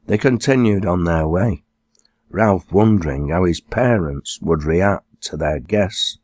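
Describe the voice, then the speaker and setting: A man, the author, reading his own novel aloud as expressive audiobook narration. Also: sits low, takes it slowly, no echo. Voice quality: expressive storytelling.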